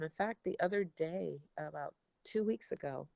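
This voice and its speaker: A middle-aged woman as an interview guest, chatting casually and telling animated stories. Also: low voice, moderate pace, creaky, no room sound. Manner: animated storyteller, acts out her father's voice. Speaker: interview guest, daughter of a songwriter.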